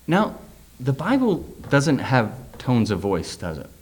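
A man's voice: mid-range voice, wildly swooping pitch, takes it slowly, a little mellow, breathy edge. A middle-aged man preaching a sermon, reading scripture aloud and then talking it over loosely with fillers and questions to the listeners.

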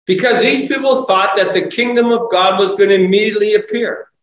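A man's voice: high voice, a little fast, fairly bright tone, a little hiss or hum. A man preaching a conversational sermon, asking rhetorical questions and rising to emphatic exclamations. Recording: echoey room, voice from far off, faint ambience.

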